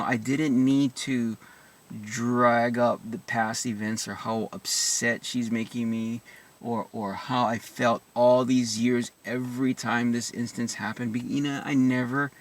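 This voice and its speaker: A man speaking in a slow, halting way, often restarting his sentences as he works through personal experiences. His voice sits at an ordinary middle pitch. He is set a little back from the microphone. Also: recorded from a distance. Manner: halting, full of restarts and soft asides. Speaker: vlogger sharing personal experience. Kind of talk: reflective personal monologue.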